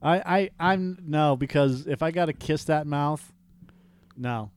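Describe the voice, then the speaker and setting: A man's voice: on the high side, unhurried, smooth. Blunt, bossy male podcast host. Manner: blunt, insistent, bossy about reading. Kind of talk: casual crude chat.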